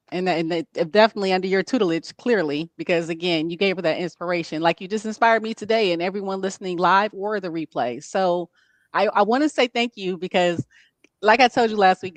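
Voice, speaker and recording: A woman hosts a casual business interview in a fairly low voice. Her sound is dry and close to the mic, and she keeps nudging her guest along with warm affirmations and questions. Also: no echo. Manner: encouraging, frequent affirming fillers. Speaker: interview host.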